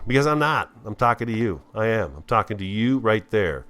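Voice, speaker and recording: Folksy low-voiced man narrating gameplay. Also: animated, brisk, hardly any pauses, a little hiss or hum. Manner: folksy, chatty, talks warmly to viewers. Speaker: let's-play host. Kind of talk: casual gameplay commentary.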